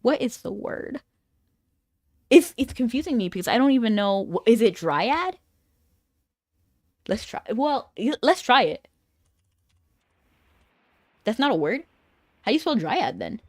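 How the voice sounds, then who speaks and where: A chatty woman streamer talks casually with her viewers while playing an online game, her slightly high voice rising and falling in a very lively way. She speaks a little slowly, pausing often, rambling through stories and laughing a lot. The sound is close and dry, with almost no room echo.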